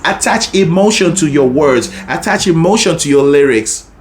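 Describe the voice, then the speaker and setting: Male vocal coach, high and highly animated voice, talks then sings short examples. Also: moderate pace, slight background noise. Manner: explains warmly, breaks into short sung phrases; checks in often with "right?" and "okay?". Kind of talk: singing lesson with sung demonstrations.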